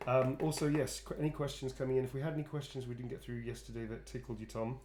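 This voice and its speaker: A man's voice: mid-range voice, level tone, fast, darkish tone. A tired man chatting casually on a livestream, rambling and playful, calling viewers darlings as he draws. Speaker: actor drawing requested sketches for viewers.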